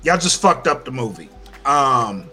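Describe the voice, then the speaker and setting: A man hosting a casual podcast, ranting loudly with heavy swearing. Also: mid-range voice, big pitch swings, measured pace, faint music behind. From Louisiana. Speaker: podcast host. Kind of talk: casual chat.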